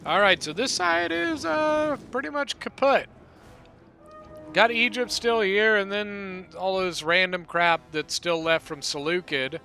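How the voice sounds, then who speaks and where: Bright-voiced man narrating a strategy game. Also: high-pitched, measured pace, gravelly, faint music behind. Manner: relaxed rambling play-by-play, self-correcting. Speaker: game commentator. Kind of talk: casual gameplay commentary.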